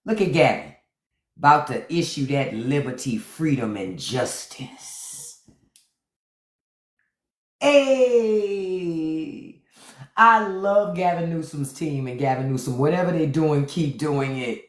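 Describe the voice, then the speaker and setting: A woman's voice: deep voice, expressive, slow. A woman hosting a livestream with sassy, playful comedic commentary that repeats lines for effect. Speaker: livestream host. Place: indoors, phone livestream. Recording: roomy echo.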